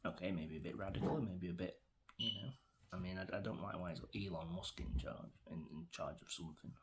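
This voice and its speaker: A middle-aged Englishman with a low, deep voice talks straight to camera in a rambling, opinionated rant. He hesitates and restarts often and wanders from one grievance to the next. A faint hiss of noise sits under his voice. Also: fairly quick. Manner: meandering, opinionated, many fillers and restarts. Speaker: vlogger.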